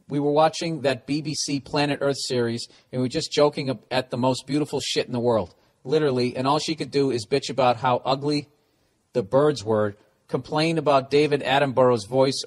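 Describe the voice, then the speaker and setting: A man hosting a casual comedy podcast, reading listener letters and ranting in a profane, animated way. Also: medium pitch. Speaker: podcast host.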